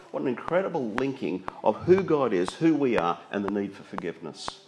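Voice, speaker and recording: A man's voice: medium pitch, expressive, brisk, few pauses, background noise. A man preaching a sermon, reading scripture aloud and explaining it.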